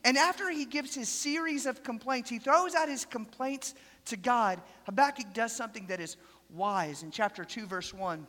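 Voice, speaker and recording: Preacher, sermon delivery, bright and forceful tone, dramatic loud-to-soft storytelling, big reverberant church room. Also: medium pitch, moderate pace. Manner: animated storytelling with dramatic swings in loudness.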